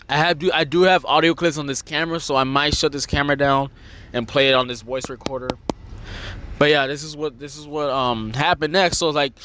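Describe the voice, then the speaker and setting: A man's voice: fairly high pitch, fairly bright tone, a little hiss or hum. Young man rambling through a story. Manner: rambling, swearing, acts out voices. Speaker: podcast host. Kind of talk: casual storytelling.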